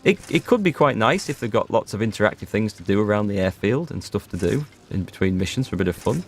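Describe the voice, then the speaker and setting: Guy doing let's play commentary, jokey, talks to chat, lowish gravelly voice. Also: lively intonation, quick pace, slight background noise. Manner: joking, talks to chat while playing. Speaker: gaming video host.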